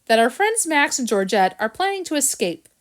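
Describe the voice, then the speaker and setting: A woman's voice: high voice, very animated, moderate pace, voice pushed up. A woman voicing a clever, smug male cat detective who speaks in a dry, knowing way in a storybook. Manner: dry, knowing, smart-mouthed.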